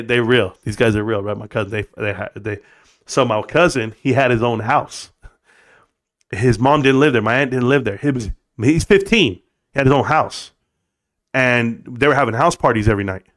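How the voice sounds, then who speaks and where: A middle-aged man hosting a casual livestream, joking, laughing and swearing, then settling into a quieter tone to tell personal stories. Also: medium pitch. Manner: goofy, laughing, swearing, bursts of put-on voices. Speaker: livestream host.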